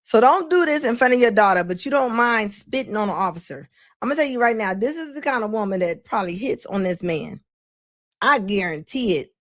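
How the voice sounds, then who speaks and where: A woman hosting a live show comments on a clip, laughing often and scolding emphatically. Her slightly high voice is animated and a little fast, on a dry recording.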